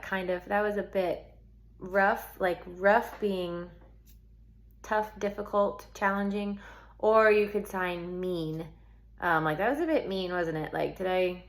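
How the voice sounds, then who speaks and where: Woman teaching signs from a script, chatty, lots of likes and ums, gravelly fry. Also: medium pitch. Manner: chatty, full of "like" and "um", thinks aloud. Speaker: sign language teacher. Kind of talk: casual instruction explaining signs for a script.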